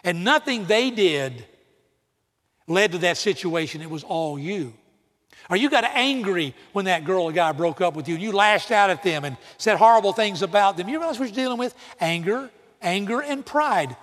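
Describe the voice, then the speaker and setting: A man's voice: high-pitched, expressive, normal speed, fairly bright tone, big-room sound. A man preaching a sermon to students, direct and emphatic, acting out imagined apologies as examples.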